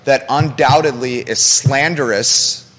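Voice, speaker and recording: A man's voice: mid-range voice, slow, fairly bright tone, big-room sound. A man hosting a live local talk show from a studio, passionate and emphatic, often repeating his key points.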